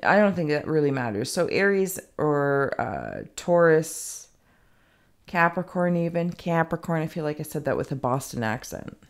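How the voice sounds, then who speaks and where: A woman with a deep voice and big pitch swings gives a casual intuitive reading at normal speed, with few pauses. As a psychic reader, she rambles and reasons aloud, using many fillers and some self-deprecating asides.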